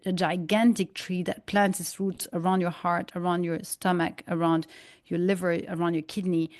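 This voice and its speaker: A woman guest in an interview, telling stories and acting out dialogue and analogies in an animated way. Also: on the low side, dry recording, clean studio sound. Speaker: guest, holistic migraine practitioner. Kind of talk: conversational interview, storytelling.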